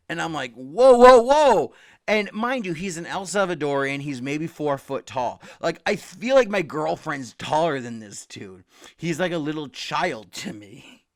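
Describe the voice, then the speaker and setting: A young man talking casually about comics, rambling, swearing freely and loudly acting out quotes. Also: a little high. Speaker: comic book podcast host. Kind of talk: casual comic review rant.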